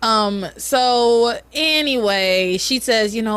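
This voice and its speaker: A woman hosting a podcast in a casual chat, animated and swearing casually as she recaps. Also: fairly high pitch, moderate pace, dry recording. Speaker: podcast host recapping a soap opera.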